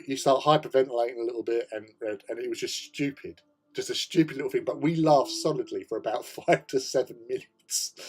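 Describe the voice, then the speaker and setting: A middle-aged British man, host of a hobby channel, tells a rambling story in a mid-range, slightly mellow voice. He laughs often and swears casually throughout the chat.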